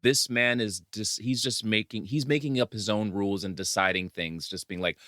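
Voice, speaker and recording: A man's voice: on the low side, normal speed, no room sound, studio quality. A man co-hosting a podcast in casual chat, reacting with exasperation and disgust to a film. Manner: expressive reactions, exasperated and grossed out. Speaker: podcast co-host.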